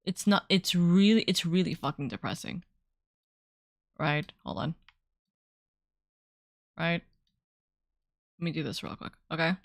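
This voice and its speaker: A woman streaming from home as a VTuber, chatting casually in a rambling, excitable way and swearing freely. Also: deep voice, a little slow, creaky, long pauses, dry recording, clean studio sound. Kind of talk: casual livestream chat.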